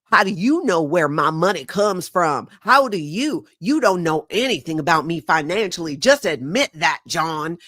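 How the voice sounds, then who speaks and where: A woman's voice: lowish voice, expressive, unhurried, hardly any pauses, dry recording, studio quality. A woman doing a blustering rich man. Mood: indignant. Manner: loud, insistent, defensive.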